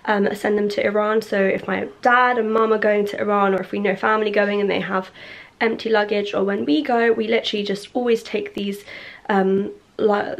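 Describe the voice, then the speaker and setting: A young woman in her twenties, chatting casually and playfully to the camera at home. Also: mid-range voice. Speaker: vlogger. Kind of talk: casual chat.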